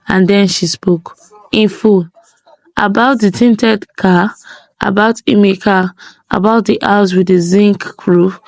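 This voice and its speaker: Woman telling a folk story real slow, dramatic pauses, dry close sound. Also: mid-range voice, darkish tone, no room sound. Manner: measured, dramatic pacing with slowed phrases for effect.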